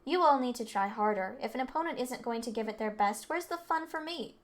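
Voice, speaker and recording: A woman's voice: fairly high pitch, expressive, a little fast, natural voice. A woman reading an arrogant, cold rich teenage heir, speaking haughtily and condescendingly. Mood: haughty. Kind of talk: reading game dialogue aloud.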